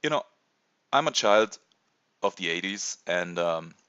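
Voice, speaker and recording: Slow, low-voiced German man. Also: expressive, sharp tone, clear, resonant tone, dry recording, highs cut off. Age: 30s. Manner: hesitant, many ums and uhs. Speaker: toy reviewer. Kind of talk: casual video review.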